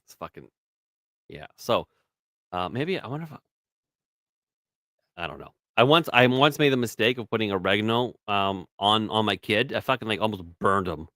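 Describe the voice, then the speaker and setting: A man's voice: fairly low pitch, expressive, moderate pace, pauses often, bright, forceful tone, no room sound, studio quality. A man in his thirties co-hosting a podcast in casual banter, rambling and profane, often restarting his words. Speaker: podcast co-host.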